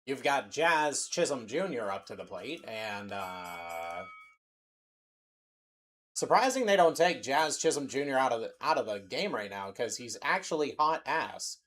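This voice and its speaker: A man putting on the voice of a raspy male baseball play-by-play announcer, pausing between his phrases. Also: mid-range voice, big pitch swings, fairly bright tone, pitched below the performer's own voice. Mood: mock-serious.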